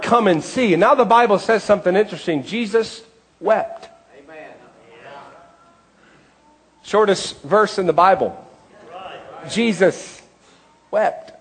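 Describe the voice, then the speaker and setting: A man with a strikingly high voice delivers a fervent sermon. He swings between measured reading and loud, ringing emphasis, stretching out the words he wants to land. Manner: impassioned preaching, often shouting, drawn-out emphasis. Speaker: preacher.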